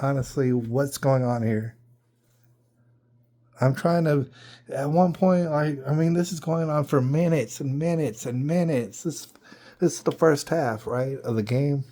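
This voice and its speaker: Podcast host, male, fairly high but warm and dark-toned; casual storyteller, disbelieving, keeps repeating himself. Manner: incredulous, full of rhetorical questions and repeats.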